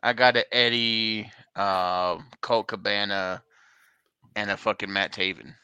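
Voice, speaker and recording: A man's voice: on the low side, fairly even intonation, a little slow, bright, forceful tone, clean tone, dry recording. A man co-hosting a casual podcast, wry and swearing, steering the talk along. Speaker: podcast co-host. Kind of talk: casual chat.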